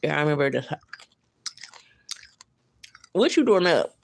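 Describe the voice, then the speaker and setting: A woman's voice: low voice, very animated, a little slow, creaky, background noise. A woman hosting a casual livestream, chatting loosely with viewers in slangy talk, reading their comments aloud and chuckling often.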